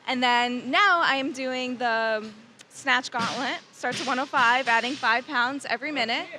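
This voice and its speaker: A woman's voice: high voice, a little slow, background noise. A woman in a gym chatting casually and matter-of-factly about her training. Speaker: athlete in the gym. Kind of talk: casual chat.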